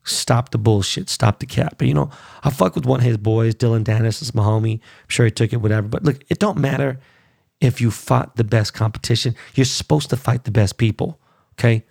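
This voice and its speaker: A man's voice: mid-range voice, brisk, vocal fry, a little mellow, no room sound, clean studio sound. A man hosting a podcast, ranting bluntly and profanely about sports and his life. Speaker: podcast host. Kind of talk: casual rant.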